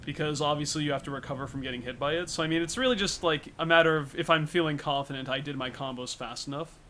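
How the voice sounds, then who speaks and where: A man's voice: on the high side, fast talker, sharp tone, a little hiss or hum. A young man streaming a speedrun, chatting casually as he thanks viewers and explains his game tactics. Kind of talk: casual livestream chat while speedrunning.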